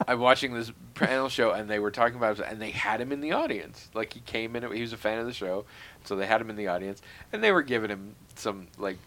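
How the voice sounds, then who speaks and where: A man co-hosting a podcast, chatting casually and telling animated stories with the odd curse. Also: fairly low pitch, quick pace. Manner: profane, animated storytelling. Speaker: podcast co-host. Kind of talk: casual chat.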